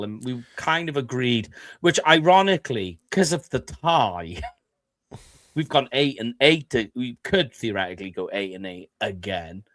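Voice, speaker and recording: A man's voice: medium pitch, a bit bright, dry recording. Conversational man on a sports podcast. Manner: conversational, teasing. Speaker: podcast co-host. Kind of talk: casual sports chat.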